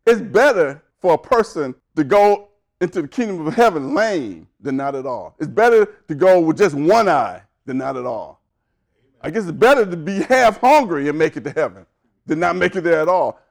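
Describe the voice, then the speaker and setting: A man delivering a sermon in a fairly high voice. He preaches with emphasis, pushing his pitch up and pressing harder as he builds toward a point. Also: expressive, normal speed. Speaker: pastor.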